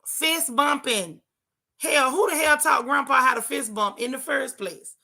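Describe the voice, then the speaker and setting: Bright, sassy woman livestreaming from a car. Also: high voice, moderate pace, creaky. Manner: animated, sassy, talks straight to viewers. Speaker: livestream host. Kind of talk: casual livestream commentary, reading chat. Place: in a car while driving.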